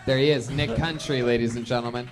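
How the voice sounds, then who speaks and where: A man's voice: mid-range voice, steady tone, fast talker. A man hosting a comedy podcast, joking and brash. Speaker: podcast host.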